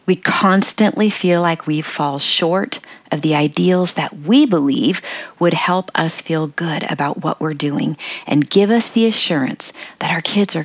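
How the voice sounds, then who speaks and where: Older woman, podcast host, slow and deliberate, lowish voice, earnest and encouraging, dry close mic. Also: dry recording. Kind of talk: devotional podcast talk.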